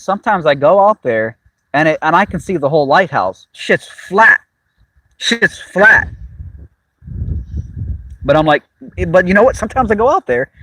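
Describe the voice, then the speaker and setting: A man's voice: fairly high pitch, fairly bright tone, dry recording, rough recording. A young man, hosting a casual, rambling monologue to a live chat, swearing freely and laughing at his own jokes. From Miami, Cuban-American. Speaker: channel host.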